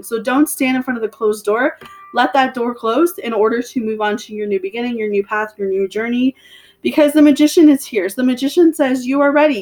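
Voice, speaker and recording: A woman with a slightly hoarse voice giving a chatty, encouraging tarot reading to her viewers, repeating phrases for emphasis. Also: high voice. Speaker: tarot reader. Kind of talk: casual tarot reading to camera.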